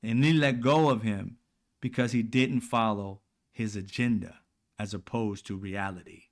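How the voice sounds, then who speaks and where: A man's voice: on the low side, steady tone, measured pace. A man, giving blunt, profane, heated political commentary as a host in casual speech.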